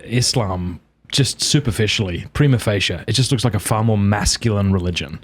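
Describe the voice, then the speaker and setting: Low-voiced man hosting a podcast. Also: brisk. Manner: relaxed, conversational, chiming in with short agreements. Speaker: podcast host. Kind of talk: casual chat.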